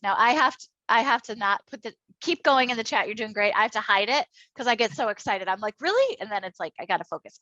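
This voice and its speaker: A middle-aged woman from Minnesota leading an online workshop on inclusive education, enthusiastic and chatty with quick asides. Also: medium pitch, pushed and bright, no echo, dull audio. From Minnesota, United States. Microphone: computer mic on a video call.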